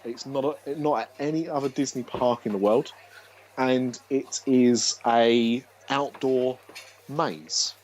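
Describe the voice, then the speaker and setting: A man's voice: mid-range voice, fairly even intonation, takes it slowly, darkish tone, slight background noise, poor audio. A man hosting a podcast in casual chat, rambling with restarts and jokes. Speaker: podcast host.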